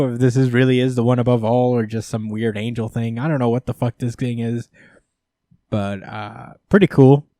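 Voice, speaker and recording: A man hosting a podcast, casually recapping a comic book in an excited, profane, laughing way. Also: mid-range voice, no echo. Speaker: podcast host.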